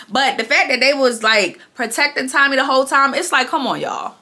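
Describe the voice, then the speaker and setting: A woman vlogger talks straight to her viewers in a chatty, emphatic recap, drawing out words for effect. Her voice sits a little high and rings bright and forceful. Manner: animated and emphatic, drawn-out words, frequent "okay?" and "y'all". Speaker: reality show recap vlogger.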